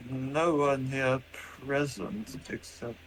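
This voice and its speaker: A man's voice: medium pitch, steady tone, slow, fairly bright tone, slight background noise, voice pushed up, rough recording. A man voicing a towering male robot servant who speaks in a stilted, formal, metallic way.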